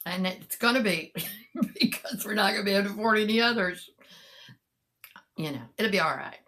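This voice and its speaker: A woman's voice: mid-range voice, moderate pace, sharp tone. A middle-aged woman, chatting casually and rambling to live viewers, greeting them by name. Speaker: live-sale seller and vlogger.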